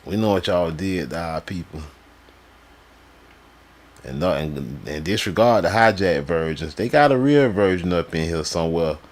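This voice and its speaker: A man's voice: deep voice, animated. A man live streaming, reading sources aloud and breaking off into loose, slangy, mocking commentary. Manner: loose slangy talk, quick to laugh and mock.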